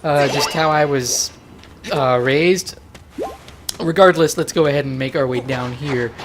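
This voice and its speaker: A woman's voice: a bass voice, measured pace, a little hiss or hum. A woman from New York with a light New York accent, giving playful, chatty commentary on a video game. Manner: playful, chatty, jokey asides. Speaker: let's player.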